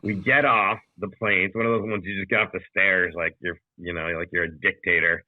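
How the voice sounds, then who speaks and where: Comedian co-host, male, lowish voice, rambling profane storyteller, thin phone-like call audio, dry. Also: steady tone, fairly quick, dry recording. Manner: profane, rambling anecdote with acted quotes. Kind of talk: casual storytelling. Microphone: video call.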